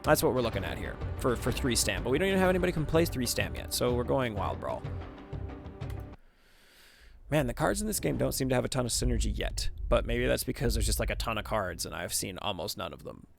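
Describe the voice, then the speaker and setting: A man's voice: medium pitch, big pitch swings, quick pace, creaky, soft background music. A man giving casual let's-play commentary, reading the game text aloud and chatting about his choices. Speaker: gaming streamer.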